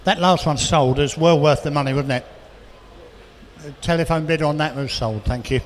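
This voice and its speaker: Auctioneer calling bids rapidly. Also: male voice, a little high. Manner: rapid bid calling with chatty asides. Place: auction hall, indoors. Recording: reverberant hall with faint noise.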